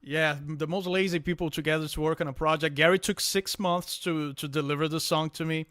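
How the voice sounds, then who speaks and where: A man's voice: fairly high pitch, fairly even intonation, fairly quick, fairly bright tone, clear, resonant tone, no echo, clean studio sound. A man guesting on a live stream, speaking hesitantly and restarting his sentences. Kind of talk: casual live-stream chat.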